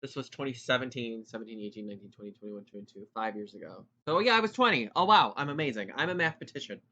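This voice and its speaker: Young male podcast host, chatty and loud, bright voice, lo-fi dull recording. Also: medium pitch, lively intonation. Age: 20s. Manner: talks fast and loud, rambling asides. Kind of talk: casual solo podcast chat.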